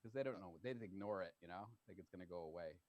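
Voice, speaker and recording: A man's voice: low-pitched, highs cut off. A man in casual podcast chat, telling stories wryly and cutting in with jokes. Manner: wry, quick storyteller.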